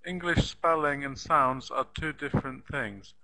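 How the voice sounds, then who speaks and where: A man teaching an elementary English lesson online, speaking slowly and patiently, repeating words and spelling them out letter by letter. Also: mid-range voice, pushed and bright, rough recording.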